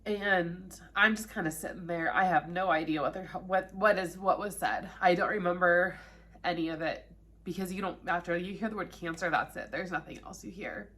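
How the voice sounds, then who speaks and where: Candid low-voiced woman in her thirties. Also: a bit bright. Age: 30s. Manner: candid, conversational, often emotional. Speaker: vlogger sharing her own cancer story. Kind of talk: personal storytelling to camera.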